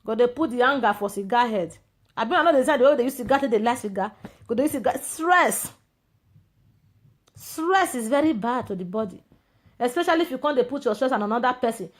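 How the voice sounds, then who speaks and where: A woman's voice: on the high side, lively intonation, fairly quick. A woman with a Nigerian Pidgin English accent in a rambling, mocking monologue, confronting a rival and chatting to her viewers. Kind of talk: casual ranting monologue.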